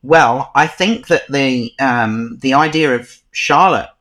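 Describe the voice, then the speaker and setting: A man's voice: mid-range voice, slow pace, fairly bright tone. Hesitant man guest recalling details. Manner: hesitant, searching for details, frequent restarts. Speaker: podcast guest. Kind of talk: casual chat.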